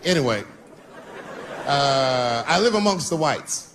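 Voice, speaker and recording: A man performing a profane, animated stand-up routine, telling a long story. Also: mid-range voice, slow, crowd noise. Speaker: stand-up comedian. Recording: live stage recording with audience noise.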